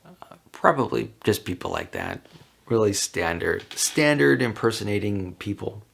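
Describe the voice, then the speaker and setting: Low, gravelly-voiced man rambling casually. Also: expressive, unhurried, a bit bright. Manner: rambling, chatty, with frequent ums and light laughs. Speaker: vlogger. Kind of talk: casual solo talk answering questions.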